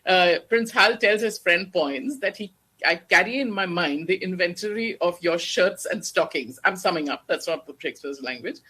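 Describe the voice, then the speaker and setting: Bright-toned speaker giving a measured lecture. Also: mid-range voice, animated, slightly rough. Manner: measured, explanatory, slows down to recite verse. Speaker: guest lecturer on Shakespeare. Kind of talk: academic lecture.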